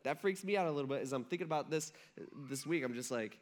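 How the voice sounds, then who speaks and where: A man's voice: a little high, quick pace. A man preaching a casual, conversational sermon, often asking his listeners questions. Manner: conversational, animated, asks the crowd questions. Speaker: pastor.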